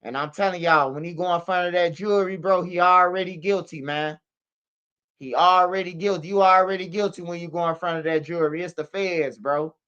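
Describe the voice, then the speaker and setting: A man's voice: sits high, fairly even intonation, brisk, bright, forceful tone, clean tone, lo-fi sound. A man hosting a casual street news commentary stream, slangy and emphatic, ending lines with "bro" and "man". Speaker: commentary channel host. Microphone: streaming setup microphone.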